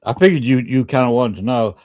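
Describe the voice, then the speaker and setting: A man with a mid-range voice hosting a casual podcast. He speaks slowly and hesitantly, with plenty of pauses. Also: mid-range voice. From American South. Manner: relaxed, hesitant, many uh fillers. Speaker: podcast host.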